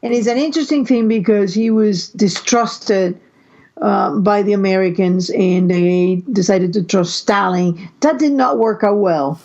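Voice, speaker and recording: A woman's voice: mid-range voice, measured pace, a little mellow. Theorizing woman podcast co-host, lo-fi audio. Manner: theorizing, restarts a lot. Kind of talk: casual podcast chat. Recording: muffled lo-fi sound.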